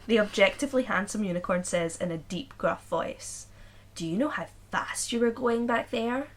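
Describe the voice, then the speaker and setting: A woman reading a silly story aloud on a podcast in a mid-pitched voice. She reads the narration plainly, then drops into loose, joking chat and laughter. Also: moderate pace.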